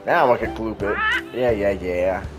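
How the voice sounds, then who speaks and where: A man's voice: fairly low pitch, measured pace, over music. A man hosting a casual gameplay video, reacting sarcastically and swearing freely. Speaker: gaming channel host. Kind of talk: casual let's-play commentary.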